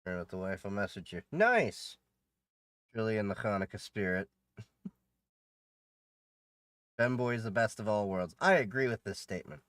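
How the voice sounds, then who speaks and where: A man's voice: lowish voice, animated, moderate pace, pauses often, a bit bright, no echo, clean studio sound. A man streaming a game live, chatting casually with viewers in a joking, talkative way. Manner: joking, chatty, answers viewers and laughs often. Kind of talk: casual live-stream chat while gaming.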